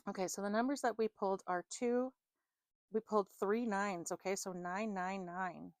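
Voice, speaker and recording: A woman's voice: medium pitch, steady tone, normal speed, dry recording. Chatty self-deprecating woman, dry sound. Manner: chatty, self-deprecating, laughs often, many fillers. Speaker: tarot card reader. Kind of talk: rambling casual monologue.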